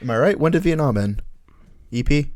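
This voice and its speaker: A man's voice: on the high side, animated, a little fast, a little mellow. A man co-hosting a podcast, bantering and joking with profanity. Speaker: podcast co-host.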